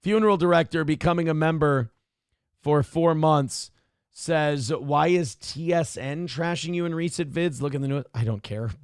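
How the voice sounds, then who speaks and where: A man with a somewhat high voice hosts a live show and reads viewer donations aloud. He sounds exasperated and laughs often. His voice is close and dry, with almost no room sound. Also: moderate pace, clear, resonant tone, dry recording. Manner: exasperated, laughing, swears freely. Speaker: radio show host reading viewer donations. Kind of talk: casual live-stream talk.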